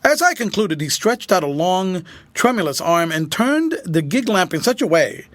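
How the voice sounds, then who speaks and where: A man narrates a classic mystery novel with a higher, lively voice that rises and falls a great deal. The read is close and dry, with no room echo at all. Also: normal speed. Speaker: audiobook narrator.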